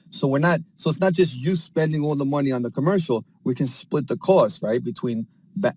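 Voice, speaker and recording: A man in casual group chat on an audio call, rambling excitedly with lots of slang and acting out scenes. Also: medium pitch, no room sound. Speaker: space call participant.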